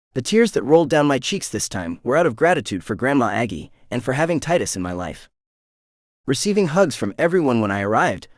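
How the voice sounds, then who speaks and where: A man narrating a first-person romance audiobook in an expressive, animated way. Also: mid-range voice, dry recording, clean studio sound.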